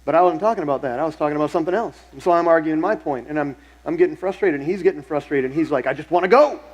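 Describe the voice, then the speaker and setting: Pastor, man, middle-aged, fairly high voice, conversational sermon with repeated phrases for emphasis. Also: rapid-fire, darkish tone, dull audio. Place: church sanctuary.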